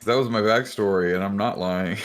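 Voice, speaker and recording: A man's voice: lowish voice, normal speed, soft background music. A man playing a tabletop role-playing game, chatting casually and laughing with loose swearing. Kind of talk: casual role-play chat.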